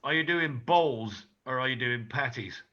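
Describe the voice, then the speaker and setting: Jokey Welsh man on a muffled video call, sharp high voice. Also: a little slow. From Wales. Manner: teasing, jokey, calls people mate. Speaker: guest cook. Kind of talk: casual video call chat.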